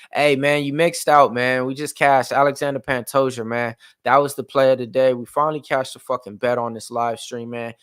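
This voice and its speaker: A man's voice: medium pitch, a bit bright, smooth, dry recording. A man hosts a live fight-night stream, talking loose and rambling, with plenty of slang and filler words. His voice sits in a middle range. The sound is dry and close. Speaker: stream host. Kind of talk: casual live watch-along chat.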